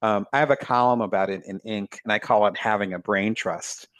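Reflective man, casual chat, lowish voice, dry close sound, halting with fillers. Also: steady tone, a bit bright, dry recording. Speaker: author, guest. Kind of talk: casual conversation.

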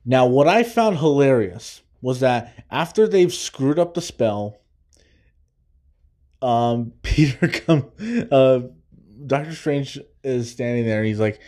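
A man's voice: medium pitch, expressive, takes it slowly, darkish tone. A man hosting a podcast, enthusiastically rambling through a spoiler-heavy film breakdown and now and then laughing and humming movie themes. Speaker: podcast host.

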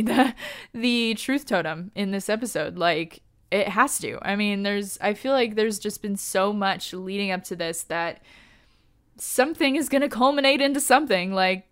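A woman giving a casual fan recap of a TV episode, excited and gushing, with lots of fillers and laughter. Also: mid-range voice, clean tone.

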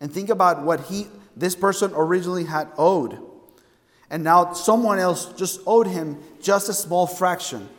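A man's voice: sits high, normal speed, in a large hall. A man preaching a sermon, emphatic and fond of asking his listeners questions. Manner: emphatic, asks the congregation questions.

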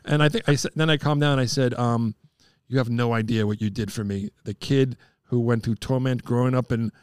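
A middle-aged man from Long Island telling stories in a casual chat, excitable and quick to put on high voices for the people in his tales. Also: clean tone, dry recording, studio quality. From Long Island, New York. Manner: excitable, jumps into high-pitched impressions of people.

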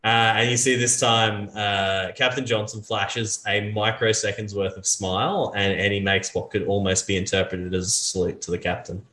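A man's voice: lowish voice, flat delivery, moderate pace, hardly any pauses, pushed and bright, roomy sound, a little hiss or hum. A man narrating a tabletop game as game master, casual and loose. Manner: casual, with fillers and restarts.

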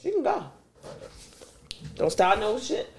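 A woman's voice: on the high side, sing-song, slow, echoey room, a little hiss or hum. A woman hosting a podcast, talking in blunt, joking, emphatic banter. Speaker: podcast host. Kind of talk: casual banter.

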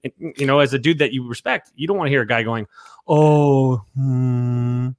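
A fast-talking, blunt man, dry sound. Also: mid-range voice, expressive, a bit bright, no echo. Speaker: podcast co-host, former coach. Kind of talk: casual sports talk.

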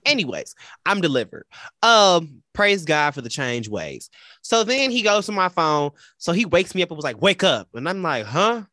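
A man co-hosting a casual talk show, telling a personal story in a dramatic, animated way and quoting the people in it. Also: fairly high pitch, moderate pace, no room sound, clean studio sound. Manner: animated, dramatic retelling with quoted voices. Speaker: podcast co-host.

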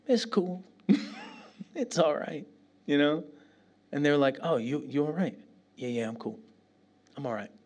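A middle-aged male pastor preaching a sermon with a slightly raised pitch. He tells stories in animated bursts and drops almost to a whisper when he prays. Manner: animated storytelling, dropping to a near whisper in prayer.

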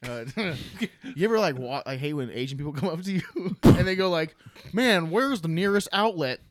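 A man's voice: fairly high pitch, animated, fairly quick, a little hiss or hum. A man co-hosting a podcast, joking crudely and laughing often as he talks. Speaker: podcast co-host. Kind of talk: crude casual banter.

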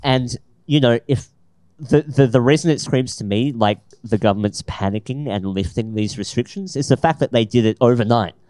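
A man's voice: mid-range voice, darkish tone, no echo. A man, co-hosting a casual podcast and giving his opinions with emphasis. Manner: emphatic, quick to agree, repeats words when starting. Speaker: podcast co-host.

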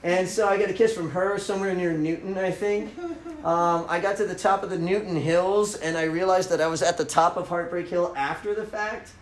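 A man telling a story in a casual talk, animated, often laughing and acting out the lines he quotes. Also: sits high, a little fast, echoey room, slight background noise, rough recording. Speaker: speaker telling a running story.

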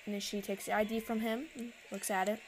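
A woman's voice: mid-range voice, level tone, noisy background. A young woman hosting a casual solo podcast, rambling with many fillers. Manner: rambling, heavy use of "like", quick laughs. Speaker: podcast host.

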